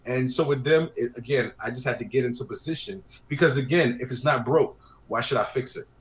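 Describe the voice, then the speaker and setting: A guest on a show chats casually about wedding photography, his mid-range voice moving fairly quickly as he tells stories and acts out what his clients said. The recording has a roomy echo.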